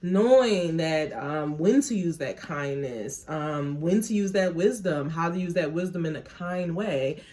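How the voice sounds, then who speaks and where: A woman's voice: sits low, measured pace, hardly any pauses, dark tone. A woman giving a casual spiritual tarot reading on her phone, chatty and prayerful, with frequent laughing asides. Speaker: tarot reader.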